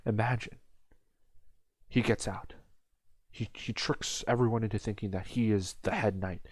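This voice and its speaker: A man's voice: on the low side, no room sound. A young man giving a crude, sarcastic, rambling comedic commentary as an anime reviewer.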